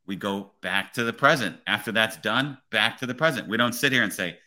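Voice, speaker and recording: A police officer hosting a podcast, talking in an earnest, motivational way and often checking in with "right?". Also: male voice, lowish voice, fairly quick, pushed and bright. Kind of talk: casual podcast conversation.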